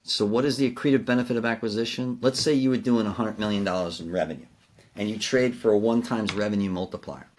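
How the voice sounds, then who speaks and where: Middle-aged man spinning lively business stories. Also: on the low side, fast talker. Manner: animated anecdotes with acted-out dialogue, frequent fillers. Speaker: podcast guest, CEO coach. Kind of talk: storytelling in a business interview.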